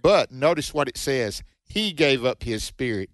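A man's voice: mid-range voice, expressive, unhurried, fairly bright tone, no echo. A man co-hosting a Bible teaching radio show, reading scripture aloud and commenting in an earnest, preacherly way.

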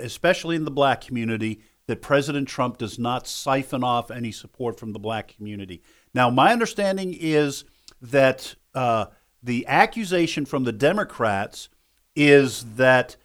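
Measured male talk radio co-host. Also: medium pitch. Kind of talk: conservative talk radio discussion.

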